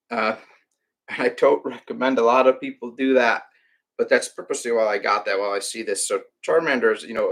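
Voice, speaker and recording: With a medium-pitched, fairly bright voice, a reptile rescue operator rants during a casual live-stream chat, his speech full of restarts and fillers.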